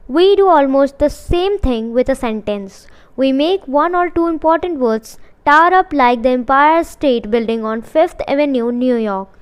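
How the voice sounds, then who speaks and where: A woman with a high voice reads a self-help book aloud for her channel. She speaks at a steady, deliberate pace and slows down to weigh the important words. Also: smooth. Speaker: audiobook reader and channel host.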